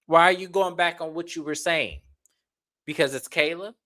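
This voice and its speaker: A casual reality TV recapper who speaks bluntly and with exasperation. The host talks straight to the audience and swears freely, in a mid-pitched voice. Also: moderate pace, sharp tone. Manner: blunt, exasperated, profane, talks to viewers directly.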